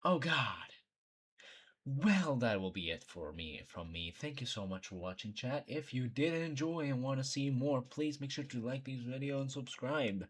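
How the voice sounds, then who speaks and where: A man's voice: mid-range voice, animated, moderate pace, hardly any pauses, breathy edge. A young man streaming casual reaction commentary. He rants bluntly and swears freely, with an ordinary mid-range voice. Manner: profane, blunt ranting. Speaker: streamer host.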